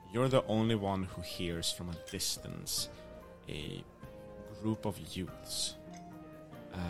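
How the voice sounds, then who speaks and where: A man narrating as game master of a tabletop role-playing session, with frequent fillers and restarts. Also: low voice. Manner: hesitant, filler-heavy narration with many restarts.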